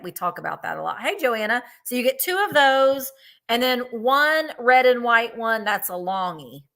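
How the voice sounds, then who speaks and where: Woman, live sale host, bright forceful voice, chatty selling, fairly high. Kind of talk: livestream sales pitch.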